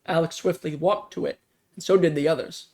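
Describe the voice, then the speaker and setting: A man reading a fan-written zombie story aloud in a plain, quick manner, jumping louder for dialogue. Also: on the high side, fairly even intonation. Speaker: story reader.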